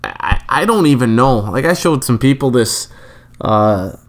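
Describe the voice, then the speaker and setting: Male podcast host, mid-pitched voice, relaxed, keeps the show moving. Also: a little slow. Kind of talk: casual sports podcast chat.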